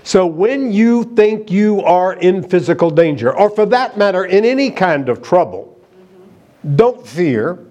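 A man's voice: high voice, sing-song, a little slow, warm tone. A man preaching a sermon, emphatic and asking the congregation rhetorical questions.

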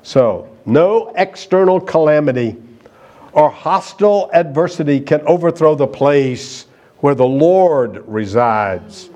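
A man's voice: on the high side, expressive, slow pace, a little mellow, dull audio. A man preaching a sermon, emphatic and asking the congregation rhetorical questions.

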